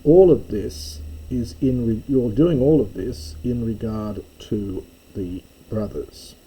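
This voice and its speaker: A man teaching a slow reading lesson, explaining each word in turn with frequent pauses and fillers. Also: mid-range voice, mellow, a little hiss or hum, rough recording. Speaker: Greek teacher.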